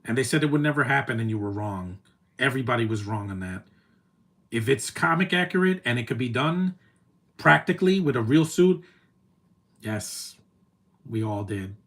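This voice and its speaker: A man's voice: mid-range voice, animated, normal speed, pauses often, a bit bright. A man live streaming his reactions to a movie, gushing and teary, rambling like an emotional fan. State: teary, choked up. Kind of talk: casual reaction commentary.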